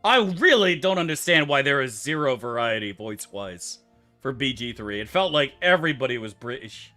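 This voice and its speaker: A man's voice: medium pitch, sing-song, moderate pace, pushed and bright, faint music behind. A man streaming a game, answering his chat in loose, profane, rambling banter. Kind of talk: casual livestream chat, answering chat.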